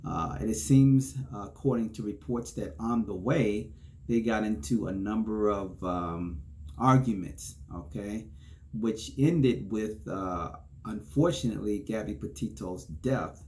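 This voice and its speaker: Gravelly-voiced man hosting a podcast. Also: fairly low pitch, a little slow, darkish tone, a little hiss or hum. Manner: chatty, often tags sentences with "okay?"; chuckles between points. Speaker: podcast host. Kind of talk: casual solo podcast commentary.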